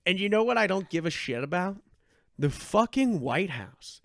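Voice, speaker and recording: A high-voiced man talks in loose, excitable podcast chat, full of swearing and false starts. The sound is dry and close to the mic, with no room around it. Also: normal speed, vocal fry, no room sound. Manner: animated, profane, rambling with many restarts. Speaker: podcast co-host.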